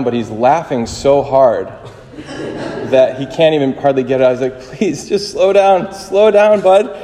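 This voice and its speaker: Male preacher, mellow voice, easygoing halting sermon, long chapel reverb. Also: mid-range voice. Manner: conversational, halting, with fillers and restarts. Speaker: priest.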